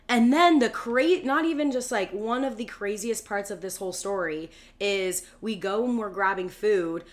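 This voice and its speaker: A woman in her thirties co-hosting a podcast, telling a long story in casual chat with lots of "like" fillers and acted-out quotes. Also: mid-range voice. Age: 30s. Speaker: podcast co-host.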